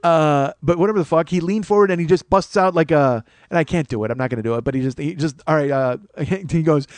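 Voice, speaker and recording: A man's voice: a little high, quick pace, hardly any pauses, background noise. A man in his forties hosting a comedy podcast, telling a profane story and acting out the other people's voices. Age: 40s.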